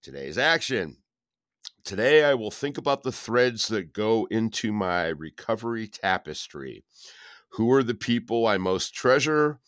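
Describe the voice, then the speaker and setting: Casting: very low male voice with a lot of swing, husky and dry, podcast co-host who rambles. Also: very animated, measured pace, a bit bright, no room sound. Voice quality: rough, husky voice. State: recovering from covid, foggy. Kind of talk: casual chat and devotional reading.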